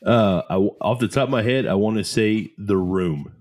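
A man's voice: lowish voice, moderate pace, darkish tone. A man co-hosting a casual chat, laid-back, calling his friend dude and man. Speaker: podcast co-host.

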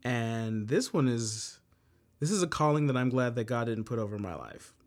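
A man leading a casual Bible study, with a voice of ordinary middle pitch. He reads scripture aloud and then explains it in plain talk. Joking asides break up the readings. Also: expressive, normal speed.

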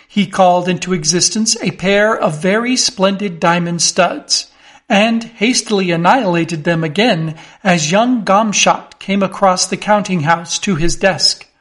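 A man reading a classic story aloud as narrator, in a measured, expressive way. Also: high-pitched. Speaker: audiobook narrator.

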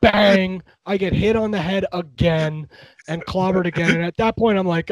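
A man's voice: high voice, steady tone, moderate pace, dry recording, low-quality recording. A man telling casual, self-deprecating stories in a podcast conversation. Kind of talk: casual storytelling.

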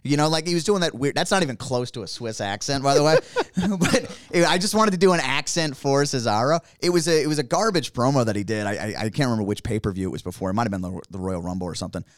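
A man talking casually and rambling through animated opinions as a podcast co-host. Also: medium pitch, fast, hardly any pauses, dry recording, studio quality. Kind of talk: casual wrestling chat.

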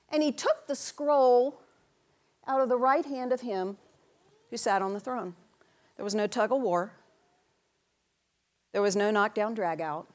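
Animated woman preaching a sermon. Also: mid-range voice. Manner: animated, calls out to the congregation in big loud bursts; playful, acts out quotes in put-on voices.

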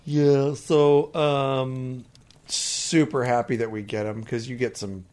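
A man co-hosting a casual gaming podcast, joking around in animated banter. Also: medium pitch, slow pace. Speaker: podcast co-host.

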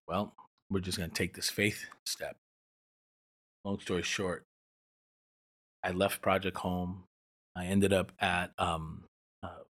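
Young guy w a really deep husky voice, rambles earnestly, keeps restarting. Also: fairly bright tone. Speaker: church planter. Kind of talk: personal storytelling in an interview.

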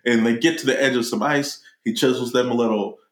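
A man chatting casually, animated and profane as he retells a story. He sits at middle pitch, and the room around him rings with echo. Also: a little fast. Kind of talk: casual chat.

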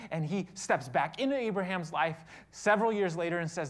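A man preaching a sermon, retelling a story with dramatic shifts between loud and soft delivery. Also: a little high, animated, fairly quick, few pauses. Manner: dramatic storytelling, voicing quoted speech, big swings in loudness. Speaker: pastor.

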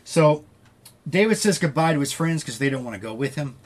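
A man's voice: a little high, lively intonation, brisk. A man hosting a podcast, casually retelling a story with loose quoted dialogue and frequent swearing. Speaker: podcast host.

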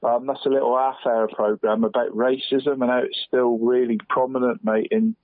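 A man's voice: medium pitch, flat delivery, normal speed, no room sound. Guy in his 40s rambling about footy on a phone line, says mate constantly, dry tinny sound. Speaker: football pundit guest. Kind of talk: casual radio chat.

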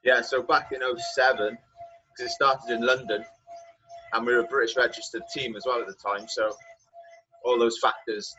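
A man's voice: medium pitch, sharp tone. A man, hosting a casual chat and telling stories with jokey asides. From Wales. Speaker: podcast host, pro cyclist. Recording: dull lo-fi sound, faint music.

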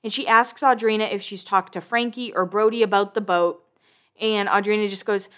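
A chatty woman in her thirties rattles through a reality-show recap, full of gossip and animated asides. Her voice sits in a middle register and swings freely as she acts out quoted lines. She swears offhandedly and sounds like she is talking with friends. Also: mid-range voice, normal speed.

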